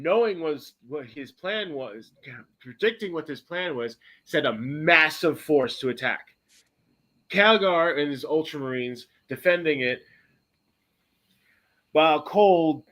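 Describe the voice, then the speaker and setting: A man hosting a podcast, casually retelling a story in a rambling way, correcting himself often and breaking into bursts of excitement. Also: a little high. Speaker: podcast host.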